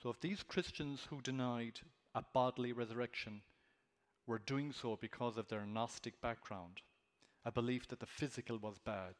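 Earnest male preacher in a reverberant hall. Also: normal speed. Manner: earnest, emphatic, with animated pitch rises on key words. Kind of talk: expository sermon.

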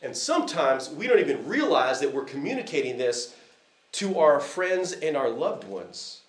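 A man's voice: a little high, big pitch swings, moderate pace. Guy preaching in an echoey church hall, bouncy up and down voice, lots of uh and restarts. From United States. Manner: conversational, lots of fillers and restarts. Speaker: visiting preacher. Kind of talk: sermon with personal story.

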